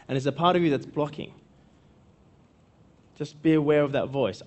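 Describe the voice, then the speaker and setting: A man's voice: on the high side, fairly even intonation, quick pace, pauses often. A male coach giving a live seminar talk to an audience, conversational, often checking in with the room and repeating phrases. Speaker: workshop speaker and coach.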